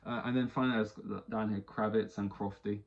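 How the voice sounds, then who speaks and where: A fast-talking podcast host vents on his own, swearing freely and stumbling into restarts as his exasperation shows. He keeps a steady tone at a fairly low pitch, recorded with lo-fi sound.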